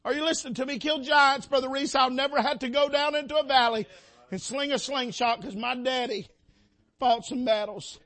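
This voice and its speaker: A preacher man with a strikingly high, ringing voice and a bright, forceful edge. He preaches with passion, swelling and dropping as he calls out to his congregation from the pulpit. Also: fairly even intonation, normal speed. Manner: impassioned, rising and falling, calls out to the congregation. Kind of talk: sermon. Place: church sanctuary.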